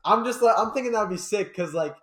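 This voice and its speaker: A young man hosting a casual podcast chat, rambling and breaking into loud laughing bursts. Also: high-pitched, animated, fairly quick, reverberant. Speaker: podcast host.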